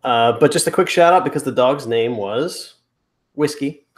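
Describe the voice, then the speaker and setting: A man hosting a casual podcast, giving shout-outs and chatting with laughs. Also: medium pitch, normal speed, heavy background noise. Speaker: podcast host. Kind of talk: casual chat.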